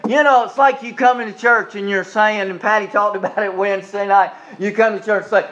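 A man delivers a homespun sermon, joking with his listeners and then leaning hard on slow, repeated points. His voice sits high for a man. The recording is dull and lo-fi. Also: steady tone, fairly bright tone. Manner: folksy, joking preaching with emphatic slowed repetitions. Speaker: pastor.

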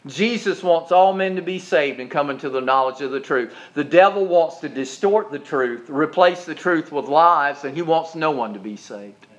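A man preaching from the pulpit in a somewhat high voice. He climbs into loud, ringing exhortation and then drops low and quiet to tell a story. The recording sounds muffled and lo-fi. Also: lively intonation, moderate pace, few pauses. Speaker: pastor. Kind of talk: sermon. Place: church.

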